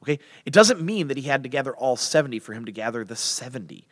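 Animated man teaching the Bible. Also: medium pitch, fast talker, in a large hall. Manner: conversational, animated, acts out biblical characters in voices.

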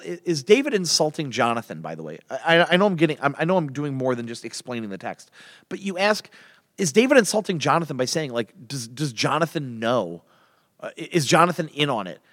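A man teaching the Bible in a casual, animated way, often restarting and repeating words. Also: on the high side, dry recording, studio quality, long reverb tail.

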